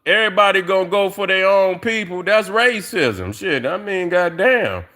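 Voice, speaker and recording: A man's voice: sits high, animated, moderate pace, sharp tone. A middle-aged man ranting on a casual livestream, profane and rambling, with lots of fillers, talking straight to his viewers. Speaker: livestream host.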